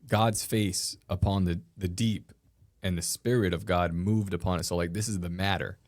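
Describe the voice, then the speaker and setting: A man co-hosting a casual podcast chat, relaxed and explaining things by citing scripture. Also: deep voice, normal speed, dry recording. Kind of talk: casual conversation.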